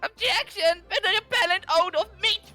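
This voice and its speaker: Brief: pompous old man, loud bright proclamations, put on by a gamer. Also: fairly quick, faint music behind. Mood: triumphant. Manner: shrill, booming declarations. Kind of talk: voicing game dialogue.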